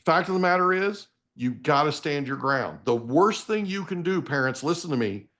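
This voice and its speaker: A man's voice: fairly high pitch, expressive, normal speed, fairly bright tone. A man in his forties, a guest on a live interview, giving motivational parenting advice in an emphatic, preachy way and often checking in with "okay?". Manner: emphatic, preachy, addresses listeners directly with repeated "okay?".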